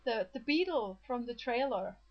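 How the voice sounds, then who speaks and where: Woman film chatter, eager and rambling, slightly high voice, muffled lo-fi sound. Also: moderate pace. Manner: chatty, excited retelling with restarts. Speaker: film reviewer. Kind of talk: casual chat. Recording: dull lo-fi recording.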